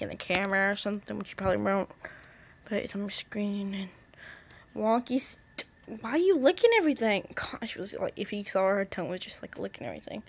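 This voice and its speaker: A young woman chatting casually in her daily vlog from her bedroom, rambling and cooing at her pets. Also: medium pitch. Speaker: vlogger. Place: bedroom at home.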